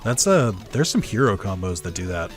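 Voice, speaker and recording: A man's voice: on the low side, very animated, fairly quick, soft background music. A young man giving casual let's-play commentary, musing aloud in a laid-back way with little chuckles. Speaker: gamer.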